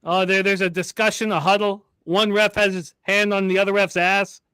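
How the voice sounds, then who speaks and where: A man with a high voice co-hosts a live football betting stream in a dry, close-miked sound. He jokes, swears and laughs often while reacting to the game. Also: flat delivery, normal speed, bright, forceful tone, clear, resonant tone, no echo. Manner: joking, profane, laughs often. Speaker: podcast co-host. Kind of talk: casual sports live stream banter.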